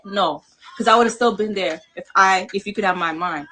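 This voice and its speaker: Speaking brisk and at medium pitch, this woman, born in New York and carrying a Jamaican-American accent, gives impassioned talk on a livestream panel. She's emphatic and repetitive and swears casually.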